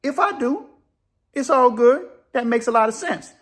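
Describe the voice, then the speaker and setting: A man's voice: very high-pitched, lively intonation, normal speed, voice pushed up. A man voicing a teasing old male convict who drawls and keeps calling his friend "man".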